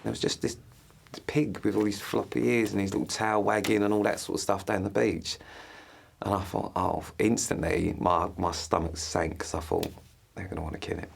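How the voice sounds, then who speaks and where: A man's voice: lowish voice, fairly even intonation, moderate pace, gravelly. A man speaking candidly and with self-mocking humour in a confessional interview on a clip-on microphone. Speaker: contestant.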